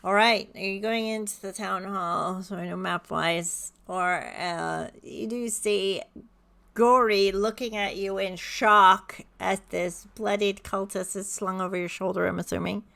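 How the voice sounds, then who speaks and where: A woman narrating as game master in a tabletop game, casual and halting with fillers. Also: medium pitch, steady tone, gravelly, fairly bright tone.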